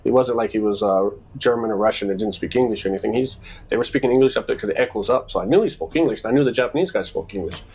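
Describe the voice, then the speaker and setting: Man, casual podcast co-host, husky voice, animated storyteller. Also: on the low side, rapid-fire, rough recording. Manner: animated storyteller acting out quoted exchanges.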